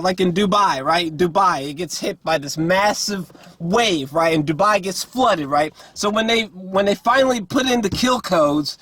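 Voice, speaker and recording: A man's voice: high voice, fairly bright tone, a little hiss or hum. A man giving a casual, rambling movie review, exasperated and profane, full of fillers and restarts.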